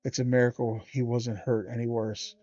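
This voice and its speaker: A man voicing a worried mother who answers in quick, brisk reassurance, in a storybook reading. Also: mid-range voice, little pitch movement, dark tone, dry recording, natural voice. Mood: reassuring. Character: worried mother, middle-aged woman. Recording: dull lo-fi stream audio.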